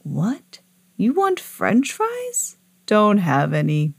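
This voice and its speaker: A woman's voice: mid-range voice, wildly swooping pitch, very slow, creaky, husky, heavily acted. A woman voicing a drowsy, hard-of-hearing old male moon in a storybook who mishears things.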